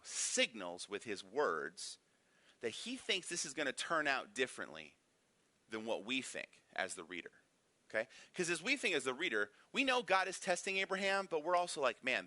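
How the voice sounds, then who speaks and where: A man's voice: mid-range voice, very animated, moderate pace, bright, forceful tone, dry recording. A man teaching a casual Bible lesson in a church classroom, conversational and full of rhetorical questions. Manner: conversational, frequent rhetorical "right?".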